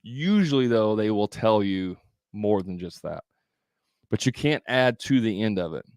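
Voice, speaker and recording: A man's voice: on the low side, lively intonation, unhurried, a little mellow, clean tone, no room sound, studio quality. A man giving a live sales training as coach, talking conversationally with fillers and restarts.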